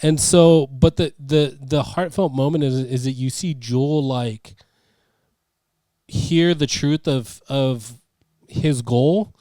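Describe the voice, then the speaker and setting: Young guy on a movie podcast, mellow dark voice, keeps restarting as he retells the scene, dry sound. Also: medium pitch, slow, no echo. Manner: animated retelling with frequent restarts and fillers. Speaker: podcast co-host. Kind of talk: casual movie review chat.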